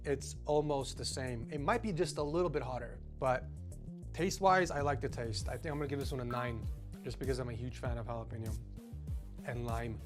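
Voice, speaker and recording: A man streaming casually, reacting to hot sauce and rating setups, excitable and repeating himself when flustered. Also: medium pitch, brisk, over music. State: mouth burning from hot sauce.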